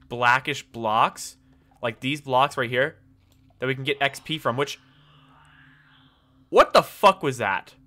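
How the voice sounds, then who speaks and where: Young male gamer, higher, bright tone; skittish commentary full of swearing and muttering. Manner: jumpy, swears often, nervous muttering. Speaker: gameplay commentator. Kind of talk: casual gameplay commentary.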